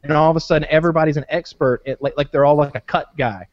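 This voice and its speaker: A man's voice: fairly high pitch, steady tone, fast talker, no room sound, muffled recording. A man in casual, rambling podcast chat, swearing freely and leaning on fillers. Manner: profane, rambling, many fillers.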